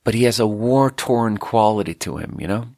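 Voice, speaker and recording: A man's voice: on the low side, lively intonation, normal speed, vocal fry, warm tone, dry recording, clean studio sound. A man from Sweden, telling a rambling story in a casual solo monologue full of "like". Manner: casual, meandering, lots of "like".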